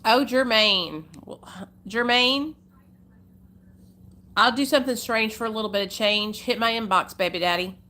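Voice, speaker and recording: A woman's voice: on the high side, moderate pace, long pauses, bright, forceful tone. Chatty Arkansas country woman. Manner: chatty, folksy, calls viewers honey and y'all. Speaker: livestream host. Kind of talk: casual livestream chat with viewers.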